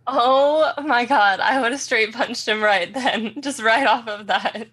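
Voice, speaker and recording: A woman's voice: fairly high pitch, measured pace, a bit bright, breathy edge. A woman co-hosting a casual podcast chat, laughing often and reacting briefly. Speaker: podcast co-host.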